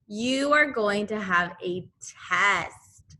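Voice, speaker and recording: Slow, bright-voiced woman teaching young children. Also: medium pitch. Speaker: second grade teacher. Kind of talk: remote class lesson.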